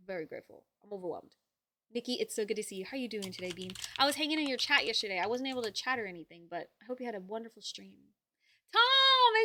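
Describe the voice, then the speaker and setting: A woman's voice: fairly high pitch, bright, forceful tone, no room sound. A young adult woman hosting a livestream, chatting casually with her viewers, gushing with thanks and swearing freely. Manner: gushing and profane, thanks viewers and reads chat aloud. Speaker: livestream host.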